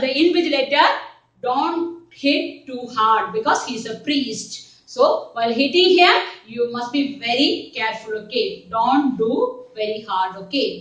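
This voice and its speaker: A woman teacher with an Indian English accent, explaining a story to her class in an animated way and checking often that the students follow. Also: sits high. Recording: roomy echo, voice from a distance.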